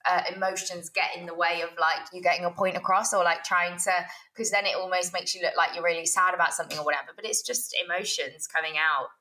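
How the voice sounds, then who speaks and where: A woman's voice: fairly low pitch, fairly even intonation, fast talker, hardly any pauses, sharp tone. A young woman co-hosting a podcast, rambling in casual chat with lots of fillers and giggles. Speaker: podcast co-host.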